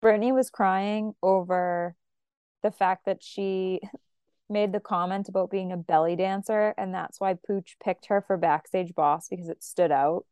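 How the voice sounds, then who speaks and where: A woman hosting a casual podcast chat, animated and giggly as she retells moments with quoted reactions. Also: mid-range voice, a little slow, smooth, no echo. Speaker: podcast host.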